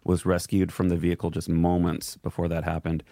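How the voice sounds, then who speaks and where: A man's voice: low-pitched, monotone, fairly quick, creaky, dark tone, no echo. A man co-hosting a casual news show, reading stories and joking often. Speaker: co-host.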